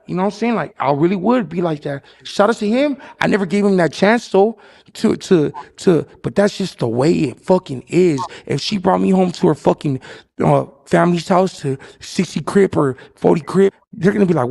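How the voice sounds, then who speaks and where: Blunt LA guy for a played clip, gravelly and a bit high, keeps cussing. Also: fairly quick, a little mellow. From Los Angeles. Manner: blunt, profane, repeats "you know what I'm saying". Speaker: interview guest. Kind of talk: candid street talk.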